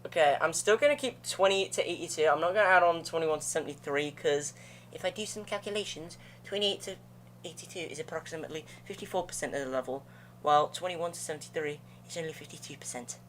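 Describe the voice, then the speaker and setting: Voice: medium pitch, fast, a bit bright, slight background noise. A young adult streamer giving casual, slangy commentary to viewers while playing a game. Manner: slangy, chatty, talks to viewers between attempts. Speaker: gaming streamer.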